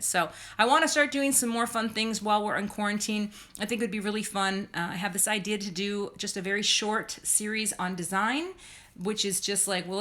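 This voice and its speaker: A woman's voice: mid-range voice, fairly bright tone. A middle-aged woman chatting casually on a phone livestream from her dining room, often correcting herself and laughing at her own slips. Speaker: crafter and content creator. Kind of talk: casual live-stream chat. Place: dining room at home, indoors. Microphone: phone held by hand.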